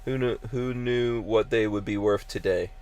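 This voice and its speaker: A man's voice: fairly low pitch, a little mellow, clear, resonant tone. A man hosting a casual podcast, reading out live chat comments with lots of fillers and restarts. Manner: halting, many fillers and restarts. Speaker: podcast host.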